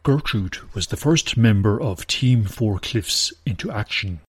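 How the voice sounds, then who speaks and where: A man with a low, husky voice reads a storybook tale in an even, gentle way. The sound is dry and close to the mic. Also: measured pace, dry recording. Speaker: narrator. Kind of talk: scripted storybook narration.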